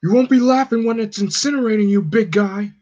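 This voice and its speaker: A man doing a squeaky anxious soldier. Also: brisk, dark tone, lightly acted. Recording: slightly dull lo-fi recording.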